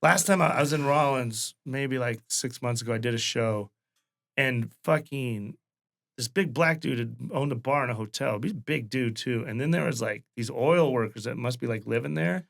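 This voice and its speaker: A male stand-up comedian from Wyoming, telling profane, animated stories in a casual chat. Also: medium pitch, normal speed, creaky.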